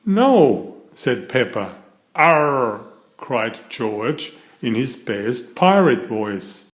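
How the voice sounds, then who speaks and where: Slow, expressive man reading a children's book. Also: on the low side. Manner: slow, expressive read-aloud delivery. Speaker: storybook reader. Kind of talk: children's story read aloud.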